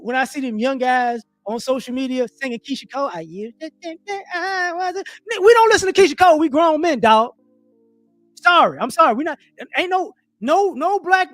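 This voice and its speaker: An extremely high-pitched man with a fairly bright tone rants on a livestream from his home setup, pushing his opinions hard. He repeats words, stresses points, and at times mimics others in mocking voices. The audio has no room sound.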